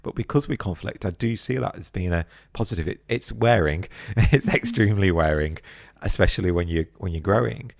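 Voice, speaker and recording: A middle-aged British man talking as a podcast guest, telling stories in a casual, animated way and acting out other people's voices. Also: low-pitched, brisk, creaky, few pauses, no room sound, clean studio sound. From Britain. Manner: animated, acts out voices of others mid-story. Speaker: podcast guest, business co-founder. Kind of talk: casual interview chat.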